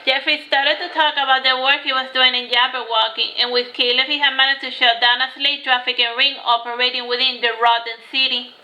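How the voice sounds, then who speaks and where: A woman's voice: high-pitched, little pitch movement, brisk, few pauses, sharp tone, poor audio. A woman reading her novel aloud, with occasional restarts and small slips. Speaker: audiobook reader.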